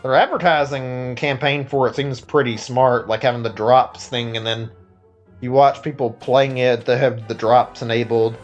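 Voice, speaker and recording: A man's voice: medium pitch, steady tone, normal speed, highs cut off, soft background music. A tired man streaming a video game, chatting casually and rambling with many filler words and restarts. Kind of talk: casual live-stream chat.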